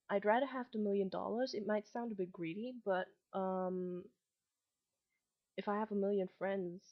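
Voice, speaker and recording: Give me a young woman with a faint German and Malaysian English accent, chatting loosely to her webcam, on a dull lo-fi recording. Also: mid-range voice. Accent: slight mixed German and Malaysian English. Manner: rambling, many ums and restarts. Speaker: vlogger. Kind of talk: casual webcam vlog.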